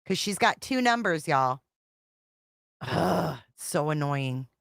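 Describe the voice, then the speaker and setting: Woman streamer, low voice, close and dry, rambling and profane. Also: lively intonation, slow pace, gravelly, fairly bright tone, no room sound. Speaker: true-crime commentary host. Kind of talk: casual livestream commentary reading texts aloud.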